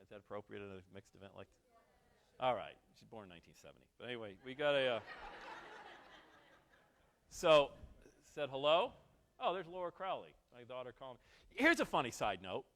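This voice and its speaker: In an event hall with a long reverb tail, a mid-range-voiced man in his forties from Western New York delivers a storytelling keynote. The motivational speaker shares a personal tale with animated energy and jokes thrown to the audience.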